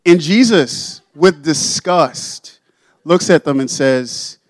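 A young man with a high voice preaches a sermon, talking to his congregation like friends and slipping into casual voices for the figures in his story. The sound is close and dry, with almost no room around it. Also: animated, takes it slowly, dry recording, poor audio. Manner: conversational, acts out Bible figures in casual voices. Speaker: pastor.

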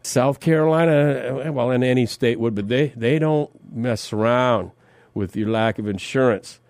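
A man from Minnesota co-hosts a morning radio show and tells a story in a wry, easygoing way. His voice sits at an ordinary middle pitch. It is heard on a close studio mic in a dry room. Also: a little slow, darkish tone, no room sound. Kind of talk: casual on-air banter and storytelling. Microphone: studio microphone.

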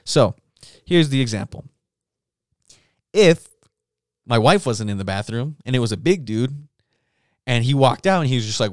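A man's voice: mid-range voice, normal speed, long pauses, clear, resonant tone, no room sound, studio quality. Profane ranting male podcast host. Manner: profane, animated storytelling. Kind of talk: solo casual rant.

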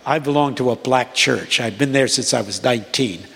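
A man in his eighties preaching a sermon to a congregation, with a rhythmic cadence that climbs to high, emphatic peaks. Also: normal speed, vocal fry, fairly bright tone. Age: 80s. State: unwell. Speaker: guest preacher. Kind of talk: sermon with storytelling. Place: large church. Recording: long reverb of a large church.

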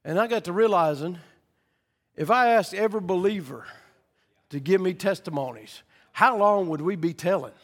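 A man preaching a sermon, rising from quiet storytelling to fervent shouting. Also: high-pitched, lively intonation, normal speed, in a large hall.

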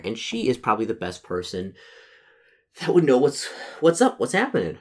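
A man's voice: lowish voice, very animated, fast talker. A man reading aloud from a solo horror gamebook, breaking off for casual, joking asides. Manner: casual asides, chuckles at own slips. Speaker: solo gamebook player and narrator.

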